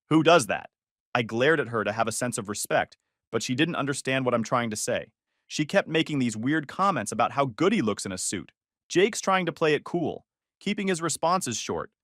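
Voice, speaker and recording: A man's voice: mid-range voice, fairly bright tone, dry recording, clean studio sound. A man narrating a first-person story in a casual, conversational way, with sarcastic asides.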